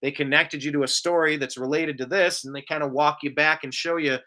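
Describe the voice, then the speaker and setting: A man's voice: on the high side, steady tone, a little fast, pushed and bright. A man hosting a casual live show, reading out viewer comments and drifting into long, rambling tangents. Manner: rambling, tangential, self-described bloviator. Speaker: show host.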